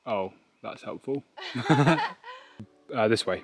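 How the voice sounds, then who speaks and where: A man's voice: mid-range voice, lively intonation, slow. A man co-hosting a casual travel vlog on a forest hiking trail, chatty and upbeat, tripping over place names. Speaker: travel vlogger co-host. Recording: noisy outdoor recording.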